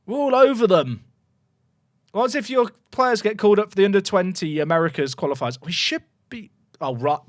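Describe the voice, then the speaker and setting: A young man streaming a football management game, talking to his chat in an excitable, jokey way that swings from loud cheering to muttered asides. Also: high voice, normal speed, no echo, studio quality. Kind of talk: live gameplay commentary to chat.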